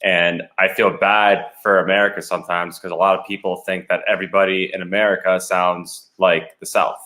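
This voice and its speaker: A young man from Canada chats as a podcast guest, his voice sitting fairly low. He tells stories loosely and often breaks into laughter along the way. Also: flat delivery, fairly quick, pushed and bright. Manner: chatty storyteller, laughs often. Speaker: guest, hockey goalie. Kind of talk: casual podcast chat.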